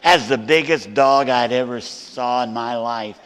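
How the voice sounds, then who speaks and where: A man's voice: mid-range voice, a little slow, fairly bright tone, smooth. An older man preaching as a guest speaker, telling a story and acting out the voices of the people in it. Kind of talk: sermon storytelling. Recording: hall reverb.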